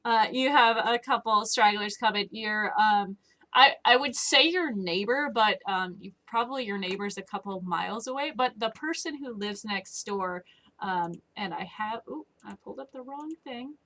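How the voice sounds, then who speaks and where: A woman's voice: medium pitch, moderate pace, bright, forceful tone. A woman narrating a tabletop game as game master, rambling with many fillers. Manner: rambling, laughs often, lots of fillers.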